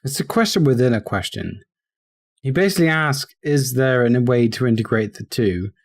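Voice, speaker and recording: A man's voice: mid-range voice, expressive, moderate pace. A man co-hosting a casual gaming podcast, talking loosely with lots of ums and restarts. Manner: rambling, with many ums and restarts. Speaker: podcast co-host.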